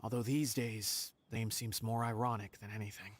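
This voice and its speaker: A man's voice: lowish voice, flat delivery, moderate pace, no room sound, close to an everyday voice. An actor voicing a forgetful male frog in a game, gloomy and self-deprecating. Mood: wistful. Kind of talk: game voice acting.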